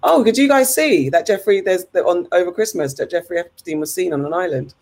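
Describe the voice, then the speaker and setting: Casual podcast co-host, mid-pitched, rambling, laughs a lot. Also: a little fast. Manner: rambling, chatty, laughs often. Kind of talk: casual chat.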